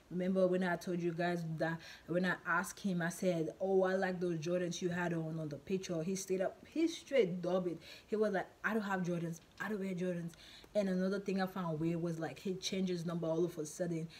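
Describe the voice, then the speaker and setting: A woman vlogger chats through a storytime, rambling along with lots of "like" and restarts. Her voice sits on the low side, with a faint hiss of noise in the background. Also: a little mellow. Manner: chatty, rambling, many fillers and repeats. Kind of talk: casual storytime.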